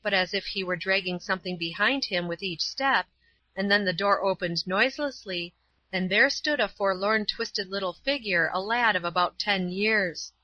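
A woman reading a storybook aloud in a measured, clear first-person narration. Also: medium pitch, pushed and bright, no echo. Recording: slightly dull, dry.

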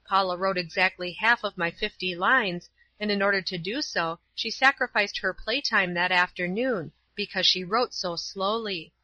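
Bright-voiced woman reading a story. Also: mid-range voice, dry recording. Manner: measured, clear narration. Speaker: narrator. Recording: slightly dull, dry.

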